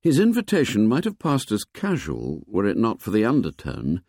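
A man narrating a novel in a fairly low voice. His reading is measured yet lively in intonation, moving expressively through the scenes. The recording is dry and close to the mic. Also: no echo. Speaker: audiobook narrator. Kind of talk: scripted narration.

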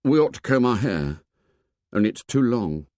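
A man voicing a stubborn young boy leader who insists loudly and defends himself. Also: medium pitch, sing-song, moderate pace, no room sound, studio quality, natural voice. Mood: insistent.

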